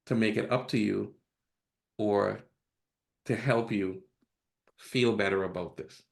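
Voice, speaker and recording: A man's voice: on the low side, unhurried, vocal fry, long pauses. Candid man telling stories. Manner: candid, laughs at own stories, acts out quotes. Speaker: podcast guest. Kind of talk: casual storytelling interview.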